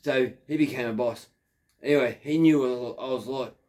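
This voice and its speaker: A man's voice: medium pitch, moderate pace, a little mellow. A man in his fifties with an Australian accent, telling a crude, digressive story in a rambling monologue. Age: 50s. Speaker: factory worker.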